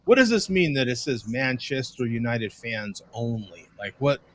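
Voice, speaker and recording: A man's voice: mid-range voice, expressive, moderate pace, slight background noise. A man in casual chat on a video call, asking puzzled questions. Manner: puzzled, questioning, laughs easily.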